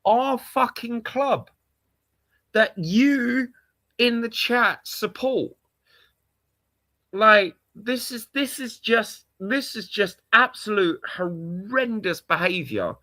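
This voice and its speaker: A man's voice: high-pitched, expressive, slow, sharp tone, no room sound. A man with a London accent ranting on a casual livestream, exasperated and repetitive, swearing often. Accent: London English. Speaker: live streamer, football fan.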